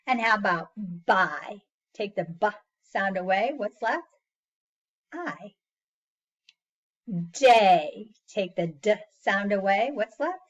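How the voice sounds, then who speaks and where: A woman's voice: mid-range voice, breathy edge, highs cut off. A woman teaching a phonics lesson to young children, patiently sounding out words and praising each answer.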